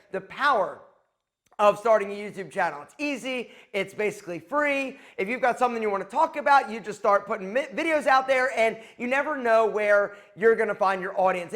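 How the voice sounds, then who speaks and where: A man's voice: sits high, a bit bright. A middle-aged man hosting his own video channel, telling a story in a casual, chatty way and giving advice straight to the viewer. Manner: chatty, advice-giving, acts out quoted exchanges. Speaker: YouTube host.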